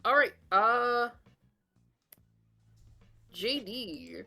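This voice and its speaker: Woman GM, bright, animated, unhurried narration. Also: a little high, soft background music. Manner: lively, halting, fillers. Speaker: game master. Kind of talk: narrating a tabletop game.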